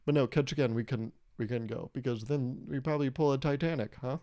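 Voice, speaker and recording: A man's voice: mid-range voice, fairly even intonation, a little fast, dark tone. A young man hosting a casual solo podcast, rambling through a story and laughing at his own jokes. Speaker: podcast host.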